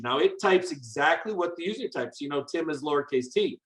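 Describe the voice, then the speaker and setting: A man's voice: medium pitch, lively intonation, moderate pace, fairly bright tone. Brief: a man leading a coding workshop, upbeat and casual, roomy recording. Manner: upbeat, chatty, talks while typing. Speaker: teacher presenting a coding workshop. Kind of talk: teaching demonstration.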